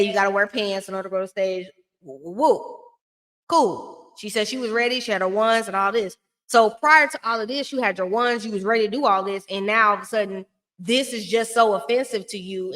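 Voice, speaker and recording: A woman's voice: fairly high pitch, fairly bright tone. A woman giving a blunt, chatty recap of a reality show in a casual, slangy way.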